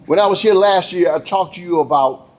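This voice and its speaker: A man's voice: high voice, a little fast. A middle-aged man, a police chief telling a folksy story to an audience. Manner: folksy, addresses the crowd as y'all and baby. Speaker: police chief giving a speech.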